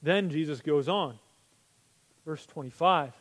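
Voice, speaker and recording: Male pastor, high voice, chatty sermon delivery with plenty of rhetorical questions, long church reverb. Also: takes it slowly, fairly bright tone. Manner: conversational, asks rhetorical questions.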